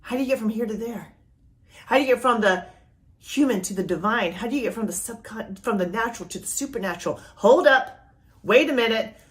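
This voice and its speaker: Speaking a little high and fairly quickly, a middle-aged life coach hosts a faith podcast. Her motivational message alternates between forceful urging and a gentle, hushed tone close to a whisper.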